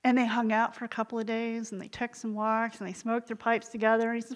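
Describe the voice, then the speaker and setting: A woman's voice: on the high side, completely flat delivery, quick pace, few pauses, big-room sound, low-quality recording. A woman leading a devotional book study, retelling stories in a conversational way with wry asides. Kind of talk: conversational storytelling.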